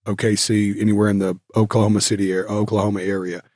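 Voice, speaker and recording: A male guest in a casual interview tells rambling stories full of fillers, restarts and self-corrections. His voice is fairly low and a little mellow, with little pitch movement and a quick pace. The recording is clean studio sound with no echo.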